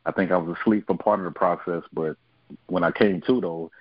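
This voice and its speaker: A man giving an earnest, halting personal testimony on a family prayer line. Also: deep voice, steady tone, dry recording, muffled recording.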